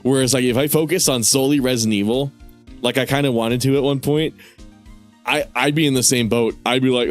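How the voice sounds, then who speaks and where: A man chatting loosely on a gaming stream, voice at a medium pitch, rambling between thoughts with plenty of swearing and laughter. Soft music sits low behind him. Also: fairly even intonation, fairly quick. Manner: rambling, profane, laughs often. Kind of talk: casual gaming stream commentary.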